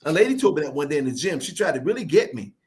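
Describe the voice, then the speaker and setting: A man guest telling stories in a fast, animated, playfully boastful way during a casual interview. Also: on the high side. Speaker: guest speaker.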